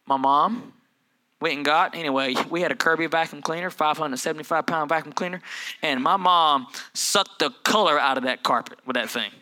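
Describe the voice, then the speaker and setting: High, bright-voiced preacher. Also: male voice, a little fast. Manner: storytelling, voices family members, swings from low asides to loud preaching. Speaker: pastor. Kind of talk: sermon.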